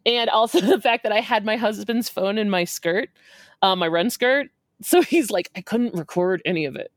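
A woman in her forties telling a story in an animated way, acting out quotes and laughing often. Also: mid-range voice, moderate pace, no room sound, studio quality. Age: 40s.

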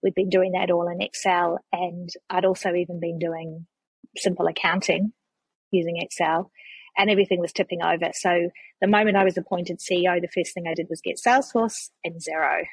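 Husky New Zealand woman, low voice. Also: steady tone, a little fast, no echo, rough recording. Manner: chatty storyteller with frequent restarts and laughs. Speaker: guest, charity CEO. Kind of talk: casual conversational interview.

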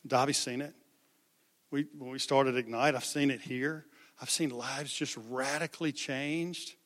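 A man's voice: medium pitch, fairly even intonation, measured pace, a bit bright. A male preacher giving an impassioned sermon, repeating phrases for emphasis. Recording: long hall reverb.

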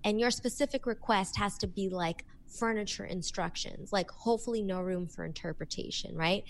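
A woman who works as a workplace coach, speaking in a podcast interview in an animated, expressive way and acting out examples. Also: medium pitch, moderate pace, vocal fry, slight background noise.

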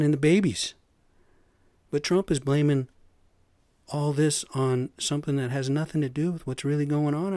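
A man's voice: mid-range voice, darkish tone, no room sound. A man hosting a podcast, ranting casually with lots of "man" and "you know". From US Pacific Northwest. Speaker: podcast host; construction superintendent. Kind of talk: casual rant.

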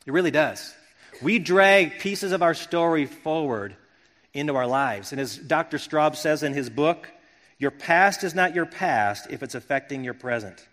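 The sermon comes from a middle-aged pastor from Wisconsin who speaks at a measured pace, earnest and contemplative, repeatedly restarting phrases. For a man his voice runs slightly high and a bit bright, and it echoes with a long reverb like a big hall.

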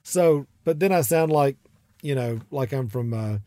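A man's voice: mid-range voice, normal speed, no echo. A man from South Georgia with a Southern accent, hosting a podcast from his studio in a chatty, rambling way. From South Georgia, USA. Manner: warm, chatty, rambling with fillers and laughs. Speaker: podcast host and artist mentor. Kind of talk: casual podcast chat. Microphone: studio microphone.

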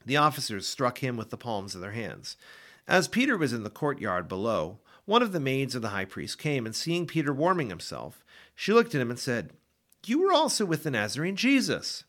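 Expressive man reading scripture aloud. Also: medium pitch, moderate pace. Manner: expressive, dramatic delivery. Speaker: Bible reader.

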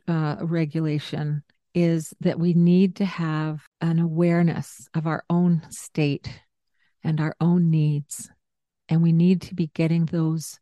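A woman's voice: low voice, dry recording. A woman hosting a parenting talk, explaining ideas in a conversational teaching style with everyday examples. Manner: explains warmly with examples and asides. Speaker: parenting podcast host.

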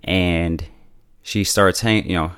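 A man with a low, smooth voice recaps a TV episode in loose, chatty talk, dropping in laughs and filler words as he goes. The sound is close and dry, with no room echo at all. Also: slow pace. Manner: relaxed, chatty, laughs often, heavy use of "like" and "yo". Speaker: TV show reviewer. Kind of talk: casual episode recap and review.

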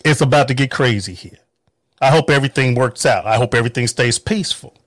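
A man's voice: mid-range voice, quick pace, no room sound. A man venting in an angry, profane political rant, heated and emphatic. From North Carolina, US. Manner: mocking quoted voices.

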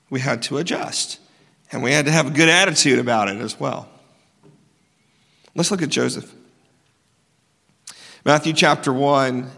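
A man's voice: a little high, a bit bright. A man preaching a sermon, talking casually, joking with the congregation and firing off rhetorical questions. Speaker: pastor. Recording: long hall reverb.

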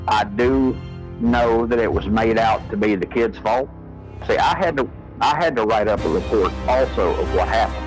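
A man recounting past events in a halting, measured way, with frequent fillers. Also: fairly low pitch, over music, poor audio. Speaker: former staff member recounting events. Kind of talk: recorded testimony clip.

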